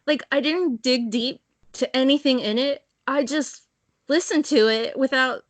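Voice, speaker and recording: A woman's voice: high voice, a little slow, no echo. A woman co-hosting a fan podcast, chatting casually and animatedly, swearing and laughing often. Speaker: podcast co-host. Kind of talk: casual chat.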